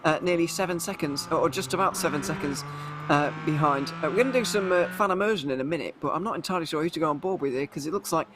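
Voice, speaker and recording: A high-pitched man calls a sim race live with chatty, excitable energy. He laughs easily between race updates. Steady background noise sits under his voice. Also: quick pace. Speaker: race commentator. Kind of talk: live sim racing commentary.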